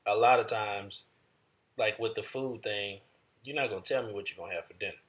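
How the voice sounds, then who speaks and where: A man's voice: on the low side, a little fast, a bit bright. A man in casual conversation, speaking plainly and reflectively. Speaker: husband in a podcast conversation. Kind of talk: casual chat.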